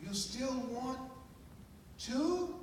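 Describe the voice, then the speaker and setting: An urgent, eager older man talks up into a high, excited register as a man puts him on. The voice comes from far away in a large hall full of echo. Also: extremely slow, slight background noise, exaggerated voice. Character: kindly older male family friend.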